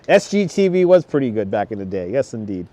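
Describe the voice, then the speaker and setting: This man in his thirties has a mid-range, dark voice with big pitch swings and a moderate pace. Out on a snowy beach, he live-streams and chats with viewers, laughing often and greeting them by name, using a wireless clip-on mic.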